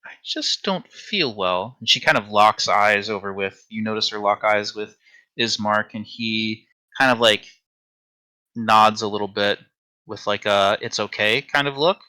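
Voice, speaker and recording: A man narrating as dungeon master in a relaxed, hesitant way with frequent fillers. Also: fairly low pitch, a little slow, low-quality recording. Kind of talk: narrating a tabletop game.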